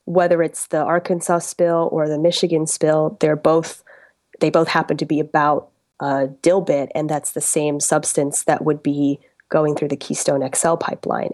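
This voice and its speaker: Low-voiced woman reporter explaining her work. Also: gravelly, darkish tone. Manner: thoughtful, with frequent um and uh. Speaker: reporter being interviewed. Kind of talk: radio interview answers.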